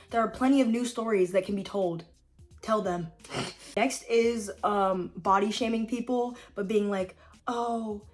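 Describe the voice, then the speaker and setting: A young woman vlogging, ranting casually to camera with lots of fillers, sassy asides and frequent laughs. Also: medium pitch. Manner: chatty, filler-heavy, sassy, laughs often. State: tired late-night voice-over. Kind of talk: casual opinion rant to camera.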